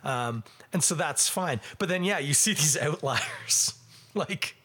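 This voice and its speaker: Chatty animated man hosting a podcast. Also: takes it slowly, slightly rough. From Canada. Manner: animated, jumps to high exclamations, laughs often. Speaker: podcast host. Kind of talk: casual chat.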